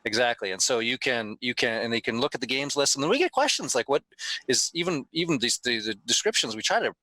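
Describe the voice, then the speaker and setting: Middle-aged man, convention organizer, passionate and emphatic, bright forceful tone, dry sound. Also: mid-range voice, animated, fast, no echo, rough recording. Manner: emphatic, frequent restarts, swears. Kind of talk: casual podcast chat.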